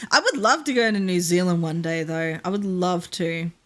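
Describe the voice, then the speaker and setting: With a fairly low but fairly bright voice at a normal speed, a young woman with a Queensland Australian accent talks casually during a game stream. She rambles, filling her speech with fillers and frequent laughs.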